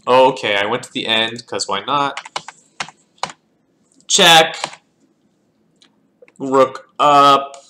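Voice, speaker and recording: A man goes through his own chess games at an unhurried pace, thinking aloud and naming each move as it comes. His voice is bright and pushes forward, and he often stumbles and repeats himself in a relaxed, casual way. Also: medium pitch, a little hiss or hum. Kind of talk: casual game analysis.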